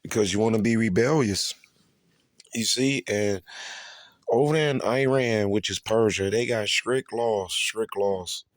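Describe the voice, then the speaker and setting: A man's voice: on the low side, no room sound. A man delivering a profane, ranting sermon, repeating himself and constantly asking his listeners if they see. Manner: profane, repetitive, keeps asking "you see?"; emphatic, drawn-out stresses. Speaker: preacher. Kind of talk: ranting street sermon commentary.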